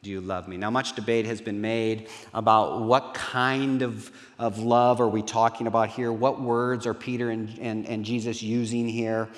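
A middle-aged man, a pastor, preaching a sermon in an earnest way that turns lively when he acts out dialogue. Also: mid-range voice, unhurried, few pauses. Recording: reverberant hall.

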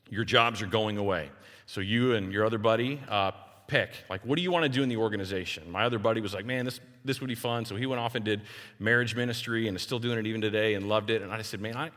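A man's voice: lowish voice, fast talker. A man in his forties from Texas, preaching a sermon and telling personal stories, acting out the voices of the people in them. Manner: animated storyteller who acts out other people's voices. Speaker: pastor. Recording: long hall reverb.

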